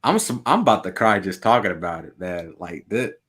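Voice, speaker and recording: An excitable young man co-hosts a casual podcast chat. His voice sits on the low side, and he leans on "like" constantly and breaks into laughs. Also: brisk. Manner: excitable, heavy use of "like", laughs often. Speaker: podcast co-host.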